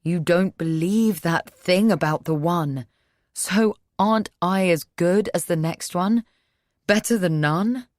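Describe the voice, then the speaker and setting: A woman's voice: lowish voice, takes it slowly, a little mellow, no room sound, clean studio sound. A woman voicing a hurt young man who pleads and turns sarcastic, in an audiobook reading. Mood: pleading.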